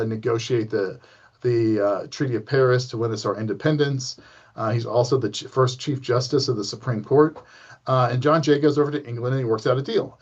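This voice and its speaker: A man lectures a college history class in an easygoing, conversational way. He fills pauses with ums and keeps checking in with a quick "right?". The recording sounds dull and lo-fi, and his voice sits at an ordinary middle pitch for a man. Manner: conversational, many ums and tag questions.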